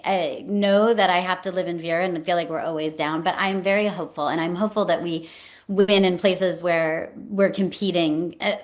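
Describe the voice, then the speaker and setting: A woman hosting a podcast interview, telling stories with lively acted-out quotes and frequent laughter. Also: lowish voice. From New York State. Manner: animated storyteller, acts out quotes, laughs often. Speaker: podcast host. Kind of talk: casual conversational interview.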